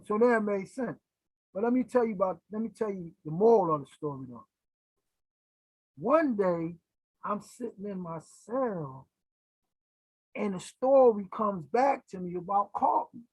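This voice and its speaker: A middle-aged man from Philadelphia telling stories in a casual interview, animated and acting out the voices of people he quotes. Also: sits high, unhurried, pauses often, slightly rough, dry recording, poor audio. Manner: animated, acts out quoted voices, keeps checking in with "right?". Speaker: interview guest. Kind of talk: casual storytelling.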